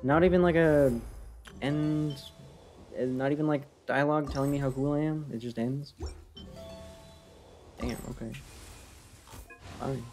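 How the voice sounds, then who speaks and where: A man's slightly high, a little mellow voice carries fairly even intonation, moving a little slowly with long pauses. He streams a game over its music, joking at his own expense and teasing the characters on screen.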